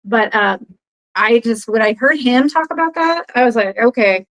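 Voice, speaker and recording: A woman's voice: a little high, moderate pace, rough recording. A woman guest telling a story in casual chat, rambling with many fillers and acting out other people's quoted lines. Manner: animated retelling, acts out others' quoted lines. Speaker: podcast guest.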